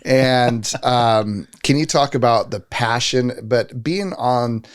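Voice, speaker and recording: Male host, casual interview, rambling questions, mid pitch. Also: slow, clean tone. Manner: rambling questions with fillers and restarts. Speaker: podcast host.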